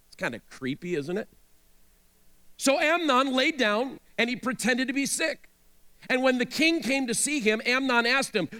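A man's voice: extremely high pitch, expressive, moderate pace, pushed and bright. A male pastor preaching a sermon, retelling a scripture story with dramatic storytelling and direct asides to his listeners.

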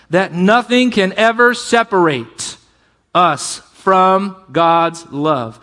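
A man preaching a sermon as a pastor, with impassioned delivery, conversational asides and scripture read aloud with drawn-out emphasis. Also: high voice, sharp tone.

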